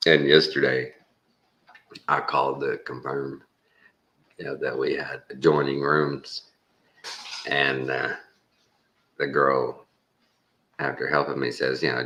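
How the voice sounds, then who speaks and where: Very deep-voiced Texan man. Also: steady tone, slow pace, long pauses, bright, forceful tone. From Texas. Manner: rambling, chuckling, folksy. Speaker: vlogger. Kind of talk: casual storytelling.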